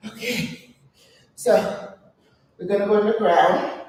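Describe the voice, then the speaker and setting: A woman's voice: mid-range voice, takes it slowly, a little mellow. Winded older woman coaching a workout. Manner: chatty, coaching, counts reps aloud. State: out of breath. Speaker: exercise vlogger. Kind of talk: guided home workout chat. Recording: very echoey room, voice from a distance.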